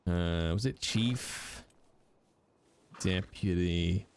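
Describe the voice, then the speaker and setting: A man's voice: low-pitched, extremely slow, a little hiss or hum. A man, chatting casually with viewers on a live stream, jokey and teasing, with the odd swear.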